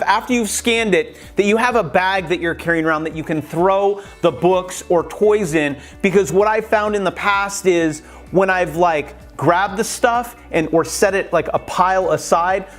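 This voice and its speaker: A man talking casually in a how-to vlog, chatty and animated, acting out little conversations as he gives tips. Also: sits high. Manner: chatty and animated, acts out quoted exchanges. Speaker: YouTube creator.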